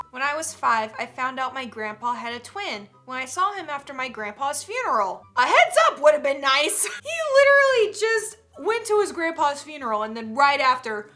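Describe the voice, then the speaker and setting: Woman, bright ringing voice, slightly high, giggly, animated comic reactions, reads tweets aloud. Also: normal speed, hardly any pauses. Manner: giggly, laughs often between lines. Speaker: YouTube host.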